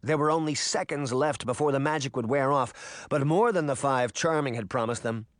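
A man narrates an audiobook chapter from a script, telling the story expressively. His voice sits at a medium pitch and moves at a normal speed, recorded dry with studio quality.

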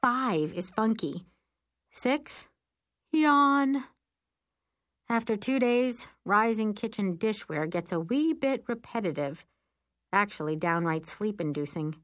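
A woman narrating a first-person audiobook in a lively, wry, expressive way. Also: mid-range voice, a little slow, dry recording, studio quality.

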